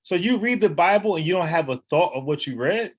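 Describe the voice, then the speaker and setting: A man, debating and explaining a Bible word in casual, animated talk, often restarting his phrases. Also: high-pitched, brisk. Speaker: online Bible teacher.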